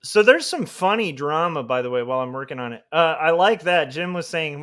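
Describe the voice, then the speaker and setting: A man who is a comic artist, chatting casually on a livestream while he draws, thinking out loud with lots of fillers and restarts. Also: on the high side, animated, brisk. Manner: thinking aloud, rambling with fillers. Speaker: comic artist streaming his work.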